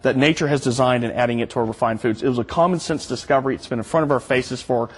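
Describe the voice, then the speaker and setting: A man with a somewhat husky voice is a guest on a TV show, explaining his product in an earnest way. He talks at a mid pitch and sometimes restarts his sentences as he goes. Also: fast. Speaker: product spokesman, studio guest. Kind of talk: explanatory interview answers.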